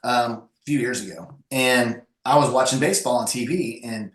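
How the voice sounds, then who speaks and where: A man speaking as an interview guest, telling personal stories in an animated, conversational way with frequent restarts. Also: mid-range voice, normal speed. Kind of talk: conversational storytelling. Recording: echoey room.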